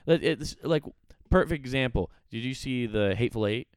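A man's voice: mid-range voice, lively intonation, normal speed, smooth, no echo. A young man hosting a casual podcast chat, ranting profanely with lots of filler words. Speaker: podcast host. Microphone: studio mic.

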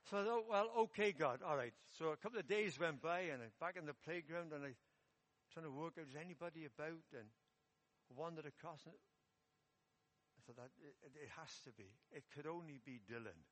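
Conversational male preacher, slightly high voice. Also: a little fast, a bit bright. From England. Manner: conversational storytelling with self-deprecating humour. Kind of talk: sermon with personal story. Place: church.

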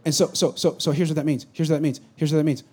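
A man, preaching a sermon as pastor. His voice sits high for a man, and he swings from loud, urgent bursts down to low, confiding asides. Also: fairly even intonation, fast talker, husky.

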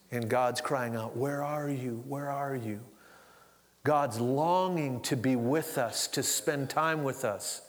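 A man's voice: fairly high pitch, fairly bright tone. A middle-aged man preaching a sermon in a loose, conversational way, with asides and restarts. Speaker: pastor. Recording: long hall reverb.

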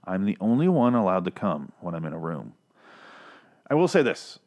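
A man with a lowish voice talks through a TV episode in a loose, rambling way. He swears freely and restarts his sentences often, in a relaxed conversational flow. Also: normal speed. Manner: rambling, profane, many restarts. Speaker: podcast host reviewing a TV episode. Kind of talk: casual review chat.

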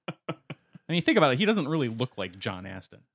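A man's voice: mid-range voice, very animated, brisk, a bit bright, husky, dry recording. A man co-hosting a podcast, reading out a gossipy story and laughing as he goes. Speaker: podcast co-host. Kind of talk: casual chat, reading a story aloud.

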